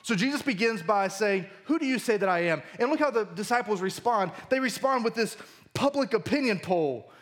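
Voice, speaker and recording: A man's voice: high voice, animated, brisk. A man preaching a sermon as pastor at a church service, reading scripture and explaining it in a conversational, emphatic way.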